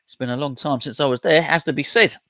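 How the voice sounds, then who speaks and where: A man's voice: on the high side, fast, gravelly, sharp tone, dry recording. A man hosting a casual live stream, chatting and reading out viewer comments as he replies. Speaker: host reading live chat.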